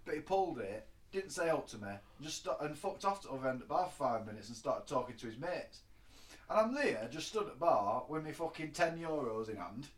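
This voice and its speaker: A man who co-hosts a podcast. He tells stories in casual chat and swears freely. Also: medium pitch. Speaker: podcast co-host. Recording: roomy echo.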